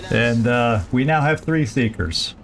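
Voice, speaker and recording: A man's voice: medium pitch, measured pace. Man thinking aloud over a strategy game. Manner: thinking aloud, many fillers and restarts. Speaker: game streamer. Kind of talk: casual let's-play commentary.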